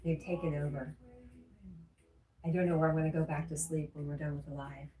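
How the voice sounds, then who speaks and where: Woman streamer, mellow low voice, casual comment-reading host, often laughing. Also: little pitch movement, brisk. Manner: chatty, laughs often, reads chat aloud. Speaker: livestream host. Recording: roomy echo with faint music.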